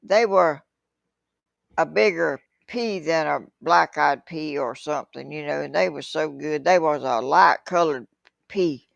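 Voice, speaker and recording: A woman's voice: low voice, measured pace, vocal fry, no room sound. An older grandmother, chatting casually and rambling folksy stories about food. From Georgia. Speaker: grandmother guest. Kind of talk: casual chat. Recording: dull lo-fi sound.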